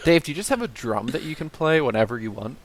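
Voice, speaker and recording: A man's voice: medium pitch, sing-song, fast talker. A man co-hosting a casual comedy podcast, dryly steering the segment over a remote call. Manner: dry, bossy, steers the segment. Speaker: podcast co-host.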